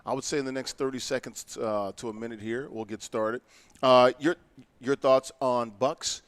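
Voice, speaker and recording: A man's voice: mid-range voice, steady tone, normal speed, clean tone, no room sound. A man giving casual live game commentary, easygoing and joking as he calls the plays. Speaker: esports commentator.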